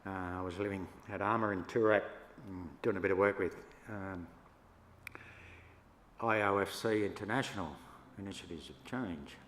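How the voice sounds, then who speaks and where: An older Australian man, a First Nations elder, telling stories to an audience in a relaxed, yarning way with laughs between them. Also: low-pitched, normal speed. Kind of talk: storytelling talk to an audience. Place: church hall. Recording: echoey hall, faint room noise.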